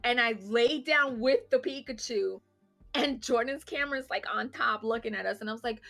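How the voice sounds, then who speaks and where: Young adult woman, podcast co-host, fairly high voice, animated casual storyteller. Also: normal speed, gravelly, faint music behind. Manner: animated anecdote telling, casual swearing. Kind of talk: casual chat.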